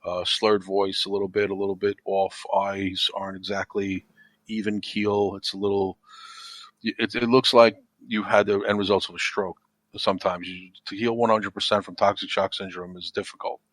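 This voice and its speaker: A middle-aged man in casual podcast talk, rambling and repeating words, turning animated when he tells a story. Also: low voice, moderate pace, dry recording. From United States. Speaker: podcast guest. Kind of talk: casual chat.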